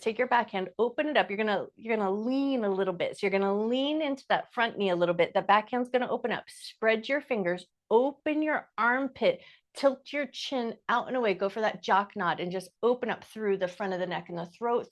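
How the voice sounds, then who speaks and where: A woman teaching chair yoga, calmly cueing each breath and movement in short, slow phrases. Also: mid-range voice. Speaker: yoga instructor. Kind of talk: guided chair yoga instruction.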